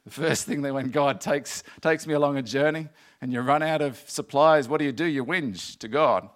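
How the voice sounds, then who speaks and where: A man preaching with earnest conviction, circling back on his words and building to emphatic stretches. His voice sits a little higher than most men's. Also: moderate pace. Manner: earnest, repetitive, rising to emphatic passages. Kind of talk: sermon.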